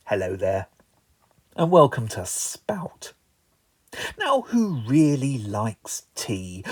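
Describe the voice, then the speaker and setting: Male comedy poet-host, wry and rhythmic, lively pitch, unhurried. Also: no room sound. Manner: wry, rhythmic delivery with playful asides. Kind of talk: comic poetry performance.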